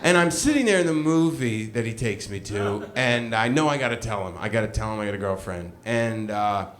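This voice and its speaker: A middle-aged man with a fairly low voice speaks at a fairly quick clip, telling a funny personal story live on stage. He's animated and pokes fun at himself, acting out the other people's lines in their own voices.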